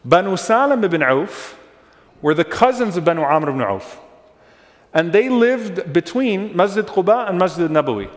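A man delivering a religious lecture in a large hall, his voice slightly higher than usual for a man and trailing off in a long reverb. He explains step by step, repeats key names and checks in with his listeners. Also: very animated, normal speed. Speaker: Islamic lecturer. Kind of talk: religious lecture on early Islamic history.

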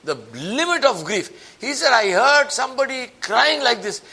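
A man preaching a sermon as a story, acting out the people in it with lively shifts of voice. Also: moderate pace, husky. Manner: animated, acts out quoted voices with rising pitch.

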